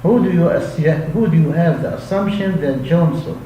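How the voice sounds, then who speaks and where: A man giving a linguistics lecture, explaining slowly with many repetitions and frequent checks for understanding. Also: a little high, warm tone. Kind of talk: recorded lecture. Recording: echoey room with faint hum.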